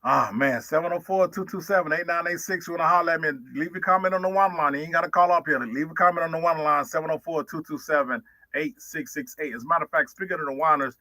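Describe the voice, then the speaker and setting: Bright-voiced sports radio host. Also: male voice, on the high side, fast talker, hardly any pauses, no room sound. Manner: loose, slangy, reads out phone numbers.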